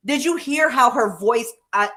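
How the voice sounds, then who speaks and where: A middle-aged woman hosting a heated commentary, emphatic and profane, swinging between loud and soft. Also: on the high side, a little slow. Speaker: host. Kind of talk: heated commentary on a news clip.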